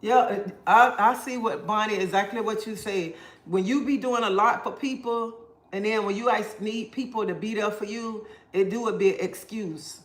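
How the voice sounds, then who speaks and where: A man's voice: sits high, moderate pace, fairly bright tone. A man hosting a casual livestream, answering viewer comments and giving preachy life advice. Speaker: livestream host. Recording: roomy echo.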